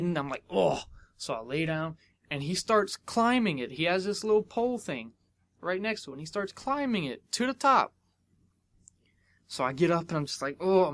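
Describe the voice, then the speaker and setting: Young man, american accent, casual podcast storytelling, fairly high voice, animated quoted dialogue. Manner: animated, acts out dialogue with big pitch jumps. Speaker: podcast host.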